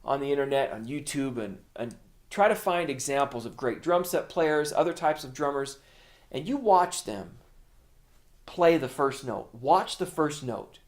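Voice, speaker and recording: A man's voice: mid-range voice, expressive, a little slow. A middle-aged man teaching a drum lesson, explaining patiently in plain words and counting beats aloud. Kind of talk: instructional video lesson.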